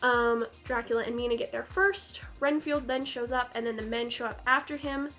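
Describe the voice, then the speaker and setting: A woman reviewing a classic film in a casual, chatty way, with sarcastic, animated asides. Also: a little high, moderate pace, faint music behind.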